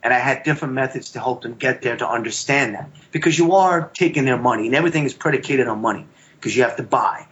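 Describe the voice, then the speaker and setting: A man talking as a podcast guest and telling stories with animation, often jumping into high voices for quotes. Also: fast, fairly bright tone, dull audio. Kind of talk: casual chat.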